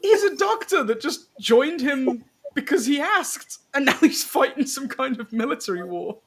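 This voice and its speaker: Wry, lively-voiced movie commentator. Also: sits high, normal speed. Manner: wry, joking remarks. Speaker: watch party co-host. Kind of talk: casual movie commentary chat.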